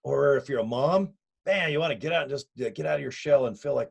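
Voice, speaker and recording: A man in his fifties talks casually and energetically into his own camera, pitching an online business in a folksy, slangy, emphatic way. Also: expressive, fast, vocal fry, breathy edge, poor audio. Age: 50s. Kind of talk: casual self-recorded video pitch. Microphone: camera or phone mic.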